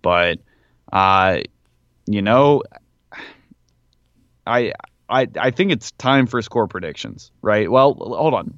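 A low-voiced man co-hosting a casual sports podcast, rambling with plenty of ums and pushing his opinions. The sound is dry and close, a little dull and lo-fi. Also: animated, takes it slowly, long pauses, a bit bright, dry recording. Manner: rambling, filler-heavy, argumentative. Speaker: podcast co-host.

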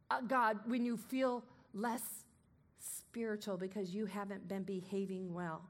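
A woman preaching a sermon, emphatic and commanding, moving between loud declarations and softer asides. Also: medium pitch, fairly even intonation, measured pace.

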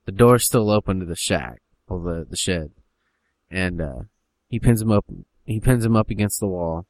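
A man casually brainstorming a story, talking in a rambling, animated, profane way. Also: low-pitched, moderate pace, no room sound. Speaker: co-writer.

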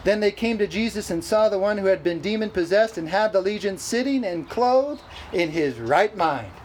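A male pastor preaching a sermon at a church service, animated and exclamatory, often laughing. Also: high voice, moderate pace, a little hiss or hum, low-quality recording.

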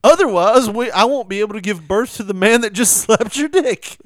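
A man's voice: high voice, expressive, a little fast, fairly bright tone, no echo, studio quality. A man co-hosting a podcast, teasing and laughing a lot in crude casual banter. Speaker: podcast co-host.

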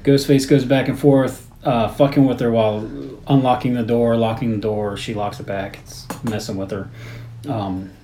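A man co-hosting a podcast, walking through a film's plot step by step with casual pauses. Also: medium pitch, flat delivery, dark tone. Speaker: podcast co-host. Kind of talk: casual chat, recapping a film. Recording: echoey room, faint background noise.

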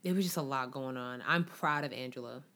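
A woman's voice: a bass voice, brisk, a bit bright. A woman co-hosting a casual podcast, chatting animatedly and sharing lots of fan theories about a TV show. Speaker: podcast co-host. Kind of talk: casual chat. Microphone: studio mic.

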